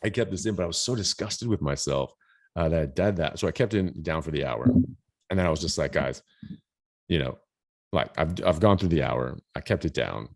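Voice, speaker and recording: A man hosting a podcast, telling a story in a rambling, animated way, full of restarts and quoted asides. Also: extremely low pitch, a little fast, gravelly. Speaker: podcast host. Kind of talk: casual storytelling.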